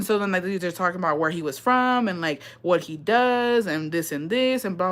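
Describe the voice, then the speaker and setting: A woman's voice: deep voice, moderate pace, fairly bright tone. A young woman hosting a livestream tells a personal story in casual, rambling speech. She fills every phrase with "like", swears bluntly and laughs at herself. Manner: rambling, heavy on "like", blunt and profane; laughs at herself, self-described unserious. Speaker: livestream host.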